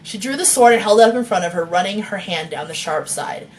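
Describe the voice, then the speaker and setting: A woman's voice: mid-range voice, animated, fairly quick. A woman author reading her novel aloud and chatting with viewers, laughing often and swearing freely, on a phone mic.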